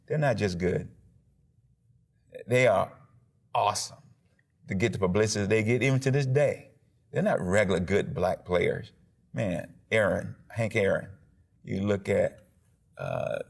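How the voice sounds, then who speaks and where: Deep and heavily gravelly, the voice belongs to an Alabama pastor and former football player giving a TV interview. He punches his words and brings his story to life animatedly, acting out scenes with sound effects.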